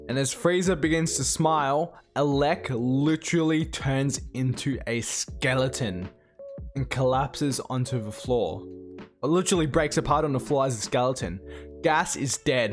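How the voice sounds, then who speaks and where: A man casually recapping a comic chapter, excitable, reading out the characters' lines as he goes. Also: medium pitch, moderate pace, faint music behind. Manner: excitable, retells the plot while reading out the dialogue. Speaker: manga reviewer.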